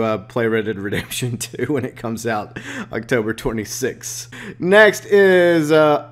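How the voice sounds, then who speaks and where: A man who runs a gaming channel, reading out game previews and adding excitable, joking asides. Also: medium pitch. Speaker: gaming YouTuber.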